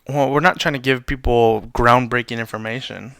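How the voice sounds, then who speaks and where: Teasing man with gravelly bright voice. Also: mid-range voice, fairly even intonation, normal speed. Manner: teasing, joking. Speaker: podcast co-host. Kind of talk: casual chat.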